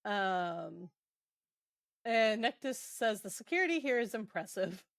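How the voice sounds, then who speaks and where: A woman at a middle pitch chatting through a book recap. She paraphrases dialogue loosely, drops in ums and quick laughs. The recording is dry and close. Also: animated, gravelly, no echo. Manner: retells scenes loosely with quick quoted asides, many ums, laughs. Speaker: podcast co-host.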